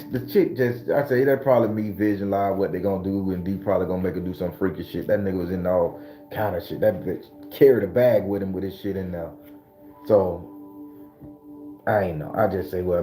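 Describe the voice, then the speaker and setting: Man host, profane streetwise storyteller, mellow tone, echoey room. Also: low voice. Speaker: spiritual channel host. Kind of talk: casual storytelling.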